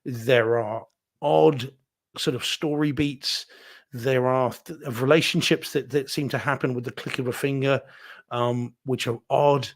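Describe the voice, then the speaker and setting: A man's voice: medium pitch, fairly even intonation, a little slow. Candid man reviewing films. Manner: candid, self-deprecating, rambling with restarts. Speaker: podcast co-host reviewing movies. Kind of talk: casual live-stream chat.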